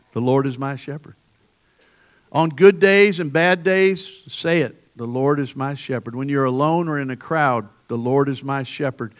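A man pastor preaching a sermon, building emphatic repeated refrains and then praying softly. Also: mid-range voice.

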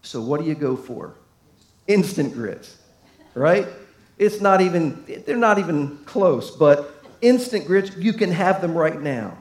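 Pastor guy preaching, high voice, echoey church, goes loud then real quiet. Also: animated, a little slow. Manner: folksy, emphatic preaching with big swings from loud to hushed. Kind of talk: sermon. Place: church sanctuary. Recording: echoey room.

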